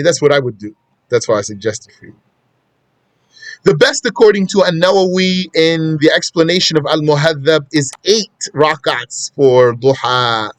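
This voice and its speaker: A man's voice: fairly high pitch, no room sound. A man teaching a casual religious lesson, talking conversationally and repeating his points for emphasis. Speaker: Islamic teacher.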